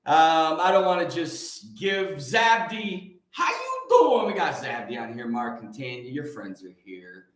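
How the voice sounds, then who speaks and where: A man's voice: fairly high pitch, wildly swooping pitch, a little slow, hardly any pauses, fairly bright tone. A man hosting a casual morning livestream, greeting viewers by name and making emphatic, preachy points. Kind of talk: casual live-stream chat with viewers. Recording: very echoey room.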